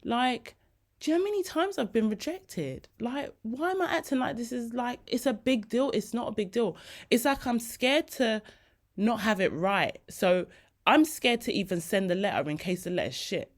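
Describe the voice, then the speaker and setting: A woman's voice: fairly high pitch, expressive, moderate pace. A woman hosting a podcast, telling personal stories in a candid, slangy, emotionally open way. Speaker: podcast host.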